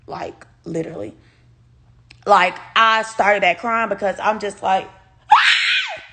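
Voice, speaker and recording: A woman chatting straight to her viewers in a loose storytime vlog. She is animated and candid and swears freely. Her voice sits at an ordinary middle pitch for a woman. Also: a little slow, shouting. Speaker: vlogger telling a personal story. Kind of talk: casual storytime chat.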